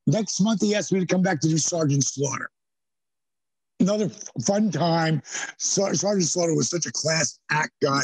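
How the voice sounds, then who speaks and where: Man, 60s, podcast guest storyteller; husky, higher-pitched, dry close sound. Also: dry recording, low-quality recording. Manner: animated storyteller who slips into voices. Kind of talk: storytelling in casual interview.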